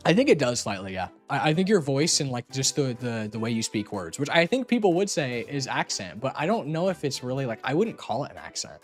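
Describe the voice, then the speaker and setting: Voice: mid-range voice, very animated, fairly quick, hardly any pauses, faint music behind. A streamer chatting casually on a call, rambling and teasing playfully with lots of filler words.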